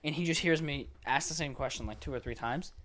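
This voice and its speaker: A man's voice: on the high side, fairly quick. A young man co-hosting a podcast, ranting in casual chat, swearing a lot and acting out exasperated phone calls. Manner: animated, swearing, acts out exasperated phone callers. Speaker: podcast co-host.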